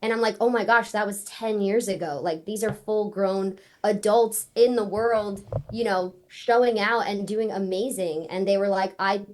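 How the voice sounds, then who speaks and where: A woman in her thirties, a guest on a podcast, telling her story in casual, animated talk and acting out what people said. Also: medium pitch, normal speed, few pauses, slight background noise. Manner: animated storyteller, acts out quotes. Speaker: podcast guest, former ninja competitor and wrestler.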